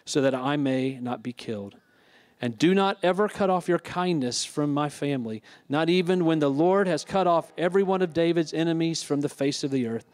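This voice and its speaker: A man's voice: a little high, animated, normal speed, a little mellow. A male pastor preaching a sermon, reading scripture and retelling it with casual asides.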